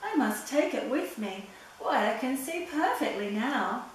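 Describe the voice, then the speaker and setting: A woman voicing jolly old Santa in a storybook reading, with a booming put-on voice. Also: sing-song, unhurried. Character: jolly old Santa, grumbling then cheerful. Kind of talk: storybook read-aloud. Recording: very echoey, far from mic, faint hiss.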